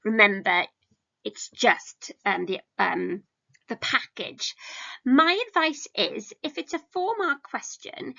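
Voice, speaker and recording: A woman's voice: fairly high pitch, creaky, sharp tone, dull audio. A woman, an English teacher giving a recorded lesson in a chatty, self-deprecating way with many ums. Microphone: home recording for a video lesson.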